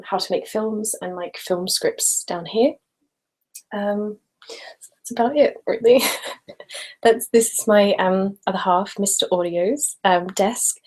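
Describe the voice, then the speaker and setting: A young woman who runs an ASMR channel hangs out live on her webcam from a room at home, using her normal speaking voice rather than a whisper. Her voice is medium-pitched and dark, the audio is poor, and she's chatty and giggly, dropping lots of ums and likes and small laughs while reading comments.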